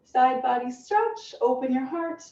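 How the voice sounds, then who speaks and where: A woman fitness instructor calmly cueing a stretching class with encouraging guidance. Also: high voice, a little slow. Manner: calm, encouraging cueing with soft breathy asides. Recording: roomy, distant, dull sound with faint hiss.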